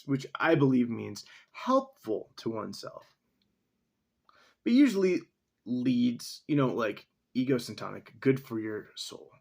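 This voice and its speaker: A man's voice: medium pitch, creaky, a little mellow. A man talking casually to himself in a solo vlog, rambling as he reads definitions aloud and swears now and then. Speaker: vlogger.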